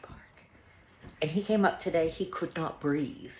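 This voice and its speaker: A family vlogger in her sixties chats casually at home, rambling through stories with plenty of fillers. Her voice sits low and moves a little slowly, and the audio is dull, with an echoey room and faint noise.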